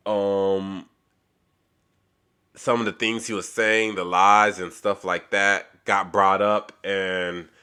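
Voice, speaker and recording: Male host, deep voice, casual show recapper, rambling and filler-heavy. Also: pushed and bright. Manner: rambling, many fillers like "basically" and "or whatever".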